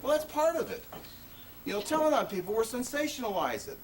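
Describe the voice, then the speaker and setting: A man with a very high voice and huge pitch swings talks a little fast. Before an audience at a presentation venue, he gives an impassioned account of his own story, emphatic and conversational, with sudden vocal rises. The sound comes from a 1980s video, taken on a distant mic with faint noise.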